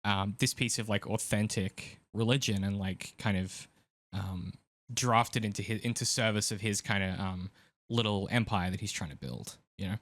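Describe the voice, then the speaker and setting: A man's voice: lowish voice, steady tone, moderate pace, fairly bright tone, no room sound. A man hosting a casual film podcast, rambling and thinking aloud with plenty of filler words. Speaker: podcast host.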